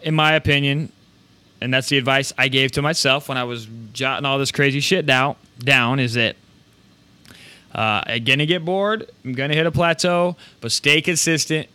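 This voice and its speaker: On a live show, a male host delivers casual, high-energy motivation about running a print business, rambling, restarting, and swearing now and then. His voice is fairly high-pitched and smooth.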